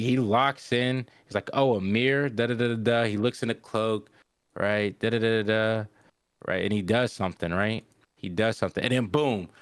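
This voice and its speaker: Fairly low-pitched and recorded in a clean studio with no echo, this young male podcast co-host casually walks through an anime episode. He performs the characters' lines, throwing in "yo," and keeps asking "right?"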